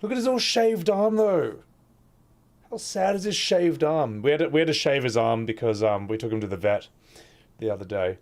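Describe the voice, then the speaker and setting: A man's voice: medium pitch, lively intonation, moderate pace, a little mellow. A young adult man, chatting casually to his stream audience and cooing at his cat. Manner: affectionate baby talk to his cat. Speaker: game streamer.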